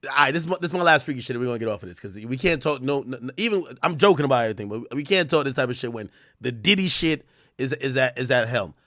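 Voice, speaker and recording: A man streaming casual comedic commentary, profane and animated, breaking into loud shouted outbursts. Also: medium pitch, racing, no room sound, clean studio sound.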